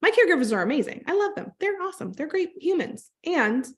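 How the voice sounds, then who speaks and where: A woman coaching a group on a call, telling a personal story in a lively, conversational way and speaking straight to her listeners. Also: extremely high pitch, fast talker. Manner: animated storytelling, acts out quoted voices; conversational, direct address to listeners. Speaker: trauma-informed business coach.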